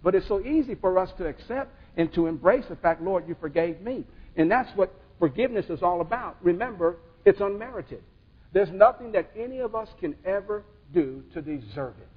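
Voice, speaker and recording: A man's voice: high-pitched, expressive, a little fast, slightly rough. A man preaching a sermon in a call-and-response way, building to emphatic bursts. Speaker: pastor. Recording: dull sound with long hall reverb.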